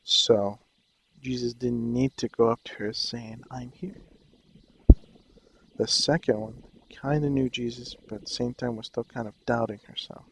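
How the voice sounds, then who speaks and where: A man's voice: mid-range voice, fairly even intonation, moderate pace, creaky, a little hiss or hum, low-quality recording. A young man casually telling a personal story on a vlog, rambling and often losing his train of thought. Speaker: vlogger.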